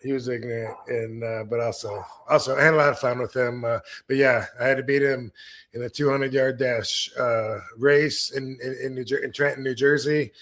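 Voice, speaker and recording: A man's voice: medium pitch, steady tone, normal speed, a bit bright. A middle-aged man, a podcast host, telling laid-back stories in casual chat and swearing freely. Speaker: podcast host, former wrestler.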